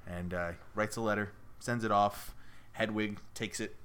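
A man's voice: on the low side, steady tone, a little slow, a bit bright, smooth. A young man co-hosting an improvised podcast, retelling a story in a playful, joking way. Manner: playful, jokey, laughs often. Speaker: podcast co-host.

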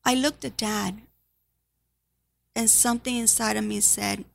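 Emotional woman with a gravelly voice. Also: medium pitch, fairly even intonation. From Spanish-speaking background. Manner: emotional, halting, drops to near whisper at times. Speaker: nurse. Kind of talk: personal testimony to an audience.

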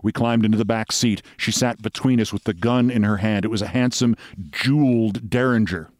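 A man's voice: on the low side, steady tone, a little fast, darkish tone, no room sound. Dry, wry male storyteller. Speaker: host reading a story. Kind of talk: dramatic reading of a short story.

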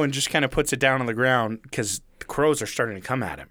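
A man's voice: mid-range voice, moderate pace, fairly bright tone, dry recording. A man telling a rambling story in casual chat, chuckling now and then and swearing freely.

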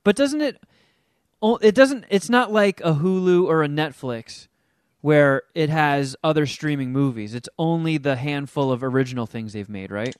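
Man, slightly high voice, smooth, casual profane chat, dry close sound. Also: normal speed, no room sound. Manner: rambling, profane, animated storytelling. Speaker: podcast co-host.

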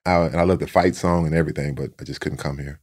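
A man, a guest telling stories in a relaxed way and repeating words as he goes. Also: a bass voice, fast talker, breathy edge. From Texas. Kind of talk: casual storytelling.

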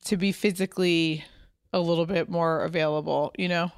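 Chatty woman with a smooth voice. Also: lowish voice, normal speed, no room sound, clean studio sound. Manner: chatty, swears freely, animated retelling. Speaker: podcast guest. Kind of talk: casual chat.

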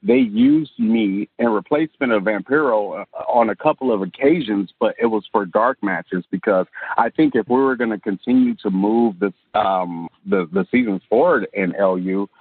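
A man's voice: lowish voice, expressive, moderate pace, vocal fry, few pauses, slightly rough, no echo. A man who is a professional wrestler and color commentator, chatting in a rambling interview with many fillers, heard over a phone line. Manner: rambling, laughs often, many fillers and restarts. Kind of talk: casual interview chat. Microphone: phone or call line. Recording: tinny dry phone-line sound.

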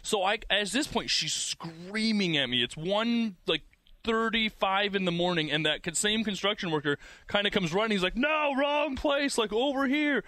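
Man, animated storyteller, bright tone, dry close sound. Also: high voice, moderate pace, no echo. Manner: animated, acts out quotes. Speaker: guest telling a birth story. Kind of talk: casual storytelling.

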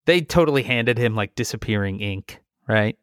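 A man's voice: on the low side, lively intonation, moderate pace, a bit bright, clean tone, no echo, studio quality. A man in casual chat, laughing a lot and reacting with short asides.

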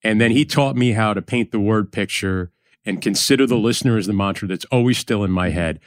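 A man's voice: lowish voice, brisk, dry recording, clean studio sound. A man from Yonkers, New York, hosting a podcast conversation, telling stories and reminiscing. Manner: reminiscing, storytelling. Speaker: podcast host.

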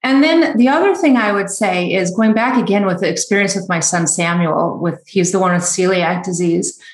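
A woman's voice: on the low side, moderate pace. Earnest heartfelt woman in echoey room. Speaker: guest author. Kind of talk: podcast interview.

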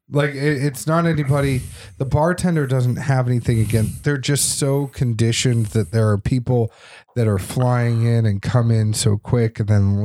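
Middle-aged man from Boston, animated and talkative podcast guest. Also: medium pitch. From Boston area. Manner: chatty, animated storyteller. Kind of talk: casual podcast chat.

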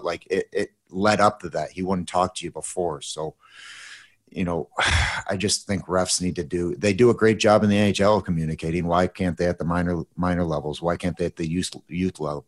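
Male co-host, very low voice, reflective and measured, restarts his sentences. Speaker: podcast co-host, youth hockey coach. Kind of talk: casual chat.

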